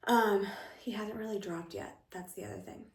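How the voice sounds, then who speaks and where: Very animated and speaking at normal speed, a young vlogger with a medium-pitched voice rambles through a casual pregnancy chat at home, heavy on fillers and slightly breathless. The room gives the audio a roomy sound.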